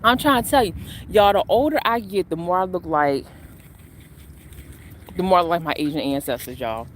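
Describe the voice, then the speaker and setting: A woman's voice: on the low side, normal speed, slight background noise. A woman talking casually and animatedly to viewers as she walks outdoors, filming on a phone. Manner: chatty, animated, addresses viewers as y'all. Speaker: spiritual coach vlogger. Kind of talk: casual spiritual vlog talk.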